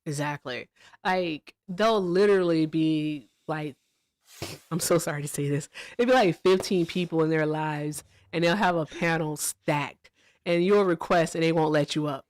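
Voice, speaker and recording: A woman co-hosting a political livestream in casual chat. She laughs often, talks to her chat directly and mimics people in a much higher voice. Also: moderate pace, no echo, clean studio sound. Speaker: livestream co-host.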